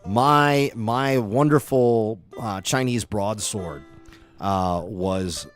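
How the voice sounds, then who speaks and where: A man co-hosting a casual chat, relaxed and rambling, laughing easily as he explains things. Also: lowish voice, very slow, faint music behind. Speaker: podcast co-host.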